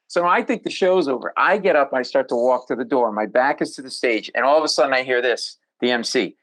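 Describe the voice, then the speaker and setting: A man, a comedian guest on a podcast, telling stories in an animated, jokey way. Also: mid-range voice, brisk, low-quality recording. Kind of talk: storytelling in a podcast interview.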